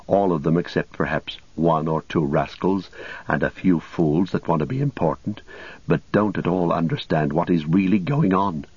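A man's voice: deep voice, slightly rough, no echo. A man voicing a resolute young male hobbit who speaks urgently and gives commands. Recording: dull lo-fi recording.

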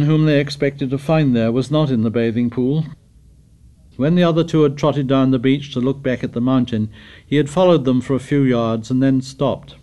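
A man narrating a novel as an audiobook, in a measured, steady literary reading. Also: mid-range voice. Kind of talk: scripted narration.

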